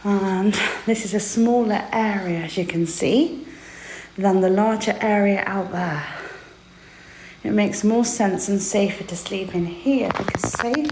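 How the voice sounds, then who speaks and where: A woman livestreaming casual chat from a small room in a mosque, quiet and out of breath, half-whispering at times. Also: medium pitch, a little slow. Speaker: vlogger. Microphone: phone. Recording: noisy phone recording.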